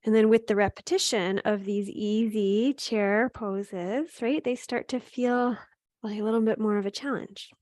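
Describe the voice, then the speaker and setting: A woman teaching a gentle yoga class, giving calm, encouraging cues with frequent "um" and "right?". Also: medium pitch, measured pace, no echo, studio quality. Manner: speaks to students by name. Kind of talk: guided yoga class instruction.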